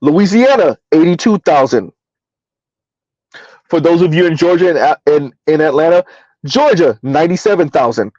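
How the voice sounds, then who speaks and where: A man hosting a casual livestream, reading numbers aloud and answering his chat in a relaxed, chatty way. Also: on the high side, moderate pace, long pauses, dry recording, lo-fi sound. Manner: casual, chatty, addresses listeners as y'all. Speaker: livestream host.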